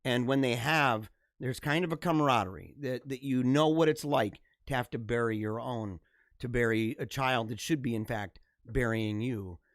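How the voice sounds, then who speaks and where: A man's voice: medium pitch, normal speed, no echo, clean studio sound. A man in his thirties hosting a live stream, reading viewer comments in fervent, slangy casual talk with lots of emphatic repetition.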